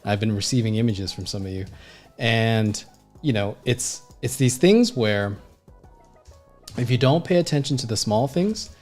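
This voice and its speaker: His voice sits on the low side: expressive, a little mellow and measured in pace, with faint music in the background. He's an art instructor and designer teaching live online in blunt, profane, casual talk, full of fillers like "you know what I mean," emphatic rambling and repeated restarts.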